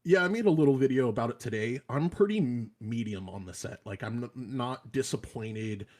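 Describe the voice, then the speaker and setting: A man's voice: medium pitch, a little fast. Man telling stories on a podcast. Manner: animated storyteller who acts out quoted voices. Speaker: podcast panelist. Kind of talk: casual podcast chat.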